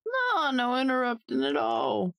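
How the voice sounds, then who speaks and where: A woman voicing a sharp-tongued old farm woman with a put-on Southern accent, dry and teasing. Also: sits high, wildly swooping pitch, measured pace, smooth, voice pushed up, full character voice.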